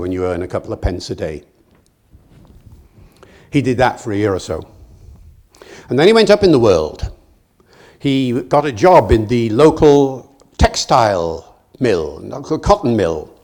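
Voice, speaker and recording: An older British man giving a public lecture, telling stories in a lively, digressive way with acted quotes. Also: mid-range voice. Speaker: guest lecturer. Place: lecture hall.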